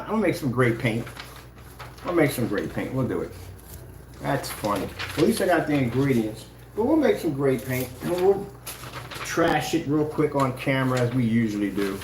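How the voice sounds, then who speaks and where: A man's voice: medium pitch, sing-song, normal speed, slight background noise. A man giving casual, taunting livestream commentary, full of sing-song mockery. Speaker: channel host.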